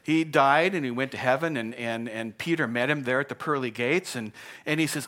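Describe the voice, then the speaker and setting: A man preaching a sermon as pastor, animated and joking as he tells stories. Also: medium pitch, brisk.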